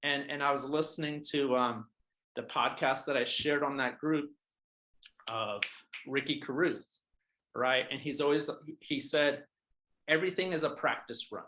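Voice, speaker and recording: Bright-voiced realtor coaching agents. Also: male voice, medium pitch, steady tone, a little slow, rough recording. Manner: conversational, keeps checking in with "all right?" and "right?"; frequent fillers and restarts. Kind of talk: casual training talk.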